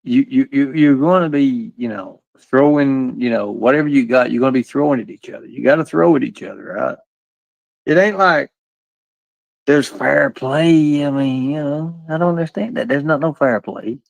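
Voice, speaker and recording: A man's voice: medium pitch, moderate pace, vocal fry, no echo. A middle-aged man giving casual reaction commentary, rambling, laughing often and swearing. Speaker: streamer reacting to a video. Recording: dull, dry sound.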